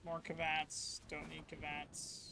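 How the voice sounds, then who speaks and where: A man streaming a video game, chatting casually to his viewers and getting loudly frustrated with the game. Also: fairly high pitch, monotone, takes it slowly, creaky, background noise. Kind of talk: casual gameplay commentary.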